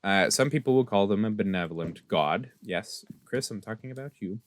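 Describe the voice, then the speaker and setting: Rambling young man telling a game story. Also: moderate pace. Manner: rambling, filler-heavy, self-correcting; animated storyteller with sudden pitch jumps and soft asides. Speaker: Minecraft server player recapping lore. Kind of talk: casual storytelling recap.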